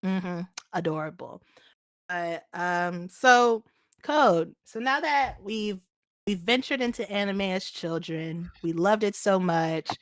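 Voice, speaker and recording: A young woman co-hosting a casual chat, animated and laughing often. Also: on the low side, takes it slowly, no room sound, studio quality. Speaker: podcast co-host.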